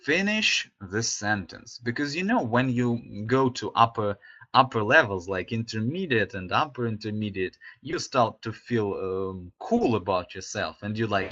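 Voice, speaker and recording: A man's voice: on the low side, animated, moderate pace, bright, forceful tone. A man teaching an English class online, chatty and full of fillers, often checking with "yeah?". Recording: slightly dull lo-fi audio.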